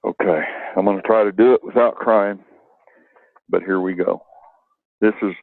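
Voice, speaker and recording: Older male guest on a tinny phone line, deep-voiced, halting, emotional storyteller. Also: dry recording. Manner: emotional, halting, with many fillers. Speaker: radio interview guest. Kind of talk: storytelling and poem reading over the phone. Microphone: telephone.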